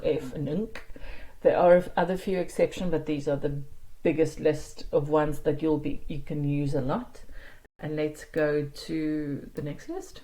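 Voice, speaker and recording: A woman teaching a language lesson online, explaining grammar and sounding out example words slowly and carefully, with quick asides. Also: low-pitched, mellow, poor audio.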